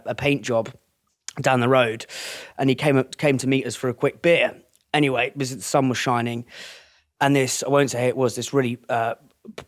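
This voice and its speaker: A man hosting a podcast, telling stories in a rambling, casual way, swearing freely and restarting his sentences often. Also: medium pitch. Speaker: podcast host.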